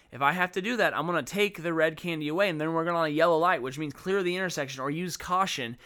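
This middle-aged man speaks fast in a fairly high, sharp voice. He shares tips on keeping order when teaching kids, chatting informally, explaining through examples and acting out what gets said in class.

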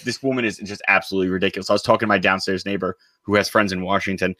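A man's voice: sits low, little pitch movement, very fast, pushed and bright, no room sound, studio quality. A man co-hosting a political talk show, speaking emphatically and with indignation, throwing in sarcastic jabs. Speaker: co-host.

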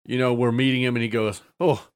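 An easygoing man recounting a tabletop session with loose, unhurried storytelling. His voice sits at an ordinary middle pitch. He scatters "uh"s throughout and laughs at his own jokes. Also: flat delivery, smooth. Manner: laughs often while telling a story, with many filler "uh"s. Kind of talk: casual storytelling chat.

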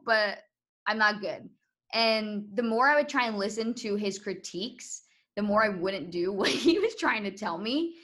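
A young woman chatting casually on a podcast, telling a story with lots of laughter and acted-out quotes. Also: fairly high pitch. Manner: animated storytelling, laughing often, acts out quotes. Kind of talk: casual chat.

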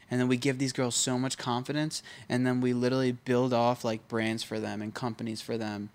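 Young man, podcast co-host, crude joking banter, casual chat, middle pitch. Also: flat delivery, a little fast, hardly any pauses, smooth. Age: 20s. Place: Hollywood, CA.

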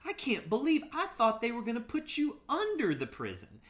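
A man's voice: huge pitch swings, a bit bright, exaggerated voice. A man putting on a sweet old Southern granny's drawl. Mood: relieved, doting. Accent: Mississippi drawl, as imitated. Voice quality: high, slow and syrupy.

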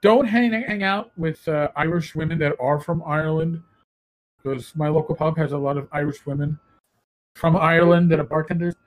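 A man tells stories in a casual podcast chat. He is animated and slips into put-on voices for the people in his tales. His voice sits fairly high for a man. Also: moderate pace. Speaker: podcast co-host, former police officer.

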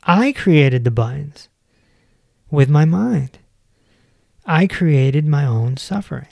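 A man in his forties speaks as a podcast host, earnest and gentle in a slow, unhurried delivery. His voice is warm and mellow. The recording is dry and close, with no room sound. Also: fairly high pitch, animated, gravelly, dry recording. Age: 40s. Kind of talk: reflective self-help talk.

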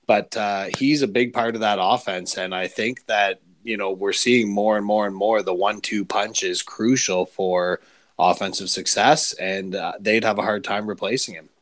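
A man's voice: lowish voice, steady tone, moderate pace, fairly bright tone. A man co-hosting a podcast, giving thoughtful, rambling football analysis in a casual way. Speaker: podcast co-host. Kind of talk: casual sports chat.

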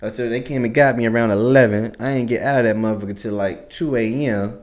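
A man's voice: fairly even intonation, fairly quick. Guy cussing his way through a story in an interview, plays out what everybody said. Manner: profane, swears constantly; acts out quoted exchanges, jumping higher and louder. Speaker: interview guest. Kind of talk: casual storytelling.

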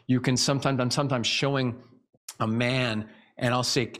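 A man's voice: medium pitch, fairly even intonation, moderate pace, a bit bright. A man speaking as an interview guest, explaining speaking tips in a coaching tone and acting out vocal examples. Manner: coaching tone, demonstrates vocal examples, many restarts. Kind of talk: casual interview chat.

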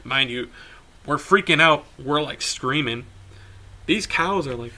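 A young man, a podcast co-host, telling a story in casual talk, animated, swearing freely and laughing as he goes. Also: a little high, measured pace, background noise.

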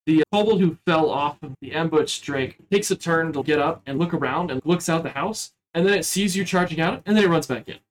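A man narrating a tabletop game as game master, describing scenes with steady, measured pacing. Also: on the high side, rough recording.

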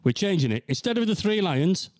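A man's voice: sits high, very animated, fairly quick, a little mellow. A man on a chat show, joking playfully and laughing at his own jokes. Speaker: panelist. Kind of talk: casual chat.

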